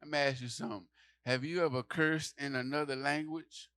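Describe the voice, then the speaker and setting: A man doing a stand-up comedy set, telling a story loudly and acting out the people in it, with lots of swearing. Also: mid-range voice, brisk, clean tone. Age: adult. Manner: loud animated storytelling, acting out characters, profane.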